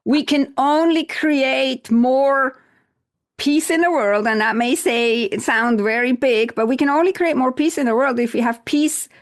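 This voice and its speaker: Thoughtful woman guest, fairly high voice. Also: a little slow. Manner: thoughtful, explains ideas step by step; frequent backchannel murmurs. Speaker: guest, decluttering coach. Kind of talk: casual interview chat.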